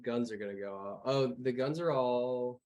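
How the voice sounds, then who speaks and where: Brief: male game master, mid-pitched, loose and rambling with casual cursing. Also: moderate pace, darkish tone, poor audio. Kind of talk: narrating a tabletop game.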